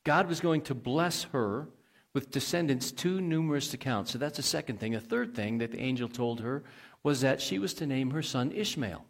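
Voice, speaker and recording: A male pastor with a mid-range voice preaches at a moderate pace in a conversational style, putting questions to the congregation and throwing in folksy asides.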